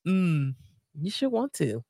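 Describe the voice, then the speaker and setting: A woman's voice: on the low side, big pitch swings, slow, vocal fry, mellow, dry recording, studio quality. A woman co-hosting a podcast with her husband, chatting casually with a laughing, lightly sarcastic manner. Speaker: podcast co-host.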